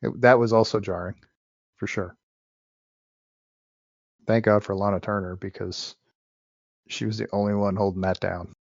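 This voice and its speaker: A man's voice: fairly low pitch, steady tone, normal speed, vocal fry, pauses often, dry recording, highs cut off. A man co-hosting a podcast, giving frank, opinionated views on an old film, often restarting his sentences. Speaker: podcast co-host. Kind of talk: casual film discussion.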